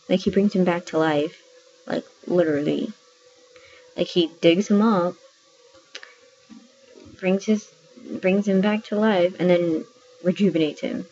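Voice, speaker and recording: A woman's voice: fairly low pitch, fairly even intonation, a little slow, pauses often, dark tone. A woman casually reviewing a book, retelling scenes in a chatty way with plenty of fillers. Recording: dull lo-fi audio with faint noise.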